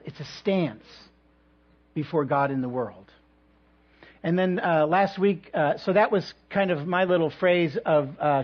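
A male pastor preaches a sermon in a church, pacing his thoughts with reflective pauses and touches of light humor. His voice sits on the higher side and carries a slight huskiness. The recording sounds dull and lo-fi. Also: breathy edge.

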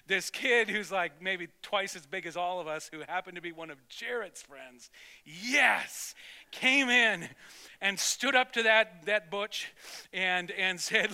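High, bright-voiced man preaching. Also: normal speed. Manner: storytelling, animated, self-interrupting. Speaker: pastor. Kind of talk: sermon.

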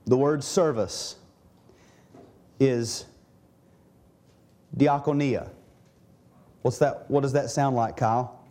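A man's voice: mid-range voice, fairly even intonation, takes it slowly, long pauses, warm tone. A man preaching a sermon in a church, earnest, often restarting and repeating words as he teaches. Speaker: pastor.

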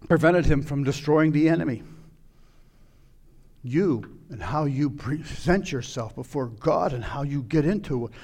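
A man preaching a sermon, retelling a scripture story and acting out its scenes with sudden loud outbursts. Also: fairly high pitch, a little slow. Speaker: pastor.

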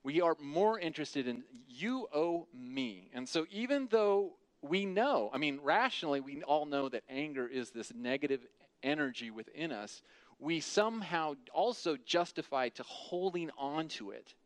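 A man's voice: on the high side, animated, normal speed, no room sound. A man preaching an earnest, conversational sermon who often restarts and repeats his words.

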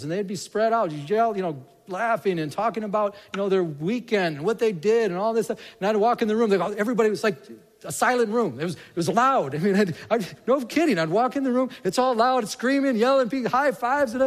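Male pastor, casual sermon delivery that builds to fervor, higher-pitched, echoing hall. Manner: conversational, rising to passionate emphasis. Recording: reverberant hall.

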